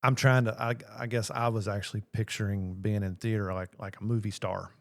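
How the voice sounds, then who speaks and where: A man's voice: on the low side, little pitch movement, a little fast. A man co-hosting a podcast, asking questions in casual, rambling talk full of restarts and "you know"s. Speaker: podcast co-host.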